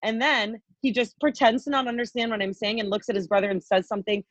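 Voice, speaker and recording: A woman's voice: a little high, fairly even intonation, fast talker, fairly bright tone, no room sound. A young woman co-hosting a podcast, venting in a heated, profane ramble packed with "like" fillers. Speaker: podcast co-host. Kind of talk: casual chat, venting story. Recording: dull lo-fi dry podcast audio.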